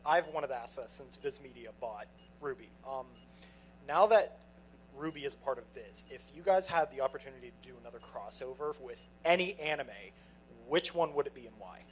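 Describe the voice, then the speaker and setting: A man in the audience asking a question at a convention panel, nervous and excited. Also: medium pitch, fairly quick, slight background noise, low-quality recording.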